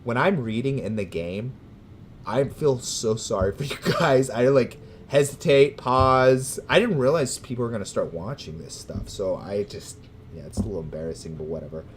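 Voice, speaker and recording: A man with a Californian American accent chatting casually with his livestream viewers, rambling and hesitant with many restarts, breaking into loud cheerful greetings. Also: mid-range voice, moderate pace, slight background noise. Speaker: gaming livestreamer.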